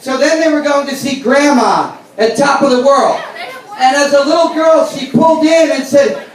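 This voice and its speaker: A man from the Bronx, doing a loud, brash stand-up set on a handheld microphone at a brewery. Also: very high voice, moderate pace. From the Bronx, New York. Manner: loud, brash, animated storytelling to a crowd. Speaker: stand-up comedian. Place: brewery stage with a live audience. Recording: echoey room recorded from far off.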